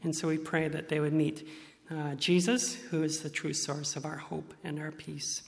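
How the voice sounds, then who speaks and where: Earnest male preacher, slightly high-pitched, reverberant hall. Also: little pitch movement, normal speed, vocal fry. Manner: earnest, acts out quoted voices in bursts. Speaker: pastor. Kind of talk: sermon.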